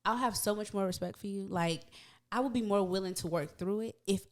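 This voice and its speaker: A young woman, a podcast guest, telling a story in casual chat with lively emphasis. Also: mid-range voice, brisk.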